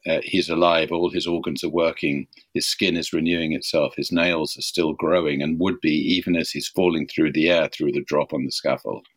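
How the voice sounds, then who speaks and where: A man, an author being interviewed on a podcast, recalling a story in a reflective, measured way. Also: extremely low pitch, steady tone, no echo.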